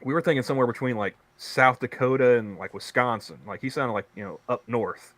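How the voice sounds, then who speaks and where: A man's voice: mid-range voice, a little fast, a bit bright, no room sound. Rambling man telling store stories. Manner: rambling storyteller with many restarts and laughs. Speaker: podcast co-host; convenience store worker. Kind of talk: casual chat.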